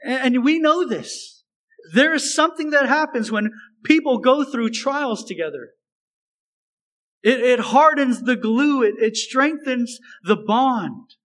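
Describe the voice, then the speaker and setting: A man's voice: very high voice, expressive, slow pace, a bit bright, low-quality recording. A man preaching a sermon as a pastor, earnest and emphatic, repeating phrases for stress.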